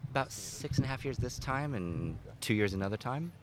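A middle-aged American man from Utah, a guest chatting casually in a relaxed, rambling way with many fillers. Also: medium pitch, a little fast, a little hiss or hum. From Utah, United States. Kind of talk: casual conversation.

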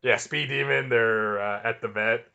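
Brief: forceful bright-voiced man, enthusiastic rambling podcast co-host, muffled mic. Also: mid-range voice, fairly even intonation, measured pace, creaky, smooth. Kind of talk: casual chat.

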